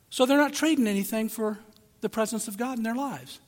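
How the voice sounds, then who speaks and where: High bright-voiced male preacher in a hall. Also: brisk. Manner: emphatic preaching with rhetorical questions to the listeners. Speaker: pastor. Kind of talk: sermon. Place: large room with a congregation. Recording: long hall reverb.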